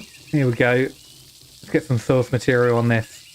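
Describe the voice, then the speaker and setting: A man's voice: mid-range voice, fairly even intonation, normal speed, slight background noise. A British man streaming a game, reading the text aloud and joking at his own expense. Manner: self-mocking, reads game text aloud, laughs often. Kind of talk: casual live-stream commentary.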